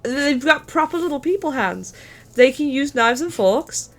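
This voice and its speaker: A woman's voice: high-pitched, animated, a little slow, soft background music. Chatty woman streamer. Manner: chatty, rambling, swears casually. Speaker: streamer host. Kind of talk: casual chat.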